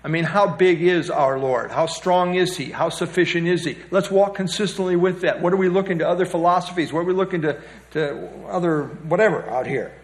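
A man's voice: high voice, a little fast, few pauses. Man teaching a Bible lesson from notes. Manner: reads from notes with frequent fillers and restarts, pointing to the page.

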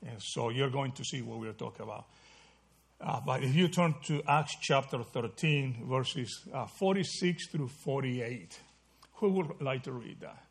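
A man's voice: mid-range voice, unhurried, creaky, husky. A man teaching a Bible study class, asking the group questions and checking in with "right?" as he goes. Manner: asks the group questions, repeats "right?" often.

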